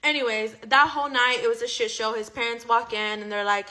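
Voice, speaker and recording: A woman's voice: fairly high pitch, steady tone, brisk, few pauses, bright, forceful tone. A young woman casually telling a personal story, chatty and profane, with lots of "like.". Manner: chatty, profane, heavy use of "like".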